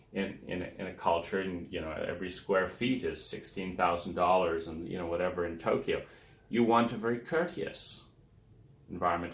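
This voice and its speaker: Gravelly low-voiced man lecturing. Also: a bit bright, roomy sound. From United States. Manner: rambling, filler-heavy, trails off with "da, da, da". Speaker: speaker on relationships.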